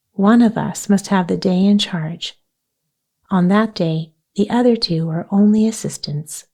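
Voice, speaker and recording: A woman voicing a bossy, practical young girl who takes charge, speaking briskly and with emphasis in a storybook reading. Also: medium pitch, dark tone, lightly acted. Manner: brisk, emphatic, a little scornful.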